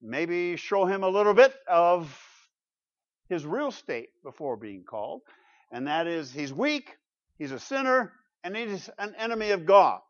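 A man preaching an expository sermon, animated and emphatic, with rhetorical questions and repeated phrases. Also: high-pitched, measured pace, lo-fi sound. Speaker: pastor.

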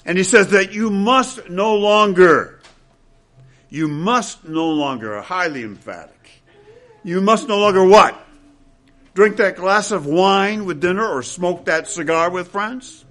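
An older male pastor with a bright, forceful tone and a slightly raised pitch, pressing his points hard. He teaches verse by verse and slips in wry asides to his listeners. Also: animated, measured pace. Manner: emphatic, wry asides to the congregation. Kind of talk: expository sermon.

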